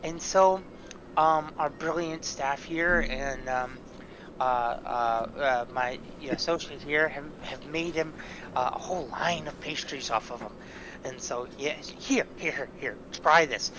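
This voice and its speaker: A man's voice: fairly high pitch, slow, background noise. A man voicing a tiny, cheerful female gnome baker who talks in a chirpy, flustered ramble.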